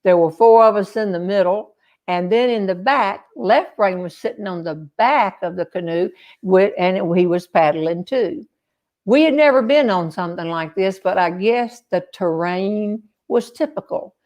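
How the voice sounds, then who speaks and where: A woman's voice: mid-range voice, moderate pace. Older woman telling a comic story. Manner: animated, acts out quoted voices with shouting. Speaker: humorist storyteller.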